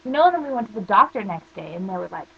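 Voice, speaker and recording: A woman's voice: medium pitch, sing-song, racing, gravelly, slightly rough, lo-fi sound. A teenage girl ranting casually to camera, rambling through stories full of "like" fillers. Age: teens. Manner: rambling storytelling, constant "like" fillers. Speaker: vlogger.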